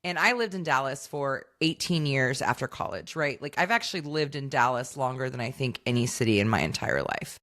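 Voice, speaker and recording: A woman's voice: a bass voice, a little fast, hardly any pauses. A woman co-hosting a podcast in casual chat, teasing her partner and telling stories wryly. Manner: wry teasing storyteller with lively swings in tone. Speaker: podcast co-host.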